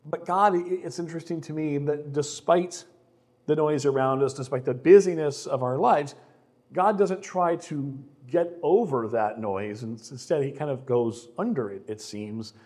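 Middle-aged male pastor, fairly high voice, chatty, self-deprecating sermon delivery. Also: normal speed, a little mellow. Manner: conversational, self-deprecating, repeats words when starting sentences.

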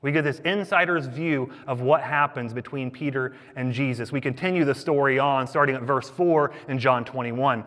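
A man preaching a sermon, animated and conversational, with joking asides to the congregation. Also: medium pitch, normal speed, few pauses. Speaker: pastor. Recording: long hall reverb.

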